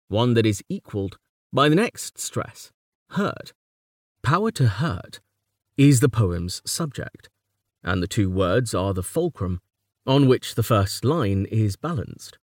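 Measured man reading a lecture on verse. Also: lowish voice, no echo, studio quality. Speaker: lecturer on poetry. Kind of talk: scripted educational narration.

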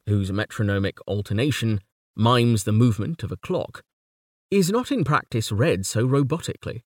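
Measured man reading a lecture on verse. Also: fairly low pitch, lively intonation, no room sound, clean studio sound. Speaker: lecturer on poetry. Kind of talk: scripted educational narration.

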